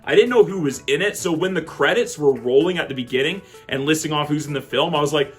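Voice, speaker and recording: A man giving a casual, excitable film review, chatty and quick to laugh. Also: on the high side, breathy edge, faint music behind.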